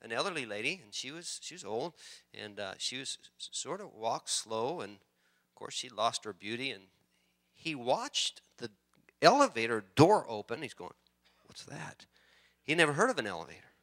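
Male pastor, bright clear voice, animated sermon storyteller. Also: medium pitch, normal speed. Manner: animated storytelling, rising excitement.

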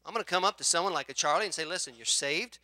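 A man preaching a sermon as pastor, telling a story with acted-out voices and swinging from quiet asides to loud shouts. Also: a little high, very fast, no room sound.

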